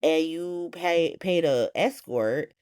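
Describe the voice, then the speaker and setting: A woman's voice: deep voice, slow pace, darkish tone, clean tone. A woman voicing a lying man caught cheating, who whines and argues defensively.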